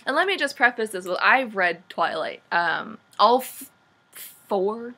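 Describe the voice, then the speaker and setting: A young woman vlogs a chatty book recap in a bright, forceful voice. She is sarcastic and animated, with a lot of "like". Her pitch sits mid-range for a woman. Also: a little slow. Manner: sarcastic, says "like" often, animated. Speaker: vlogger.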